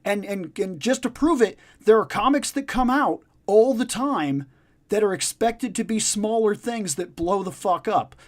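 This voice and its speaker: A man's voice: high voice, a little slow. A man hosting a casual discussion chat, emphatic and profane, repeating his points for stress. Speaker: podcast host.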